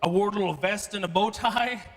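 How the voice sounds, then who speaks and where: A man from Kuwait performing a stand-up comedy set to a live audience, animated and quick to switch into character voices. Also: high-pitched, rough recording. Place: event hall with live audience.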